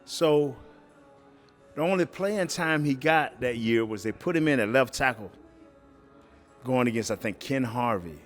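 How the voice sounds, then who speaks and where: Middle-aged man, former football player, casual interview guest, lively storyteller, acts out quotes, mid pitch. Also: unhurried, long pauses, soft background music. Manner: animated storyteller who acts out quoted voices and laughs often.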